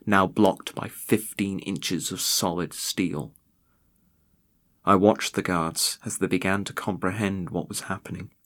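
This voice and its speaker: A man's voice: sits low, fairly bright tone. A man narrating a first-person horror story in a tense, grim way. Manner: tense, rising to frantic in moments of terror.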